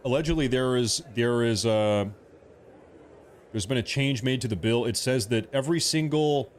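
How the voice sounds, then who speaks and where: A man with a mid-range voice hosts a political livestream from home, rambling casually, cracking jokes and repeating himself. There's slight background noise in this live commentary.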